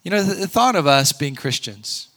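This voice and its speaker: Guy preaching, bright ringing voice, fairly high, chatty then punchy. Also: big pitch swings, normal speed. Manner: conversational, earnest, with sudden loud emphatic peaks. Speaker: pastor. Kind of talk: sermon.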